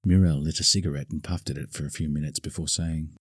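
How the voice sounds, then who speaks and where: A man narrating a novel in a measured audiobook reading. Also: very deep voice, steady tone, slightly rough, no echo, clean studio sound.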